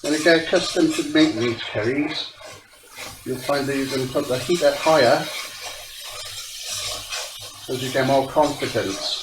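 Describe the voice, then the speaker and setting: A man's voice: mid-range voice, a little slow, pauses often. A young man chatting casually as he cooks at home, explaining each step of his recipe. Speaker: home cook. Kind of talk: casual cooking tutorial. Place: home kitchen. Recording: echoey kitchen from far off, noisy.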